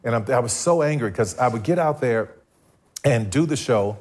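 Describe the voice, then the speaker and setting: Speaking quickly in a mid-range, slightly mellow voice, this middle-aged male guest shares his dramatic testimony at a faith gathering. He brings the story to life by voicing the quoted lines himself.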